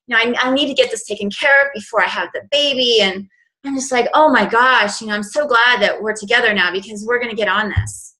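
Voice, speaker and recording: A woman's voice: on the high side, sharp tone, poor audio. A woman in her forties giving a motivational business coaching talk, earnest and conversational with lots of "you know". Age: 40s.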